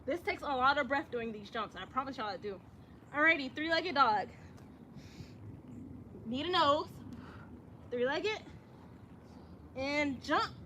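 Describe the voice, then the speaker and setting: Woman yoga teacher, high bright voice, chatty and encouraging, outdoors with faint ambience. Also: slight background noise. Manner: chatty, encouraging, says y'all a lot. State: out of breath at times. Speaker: yoga instructor. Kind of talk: guiding a yoga practice. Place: outdoors in the sun.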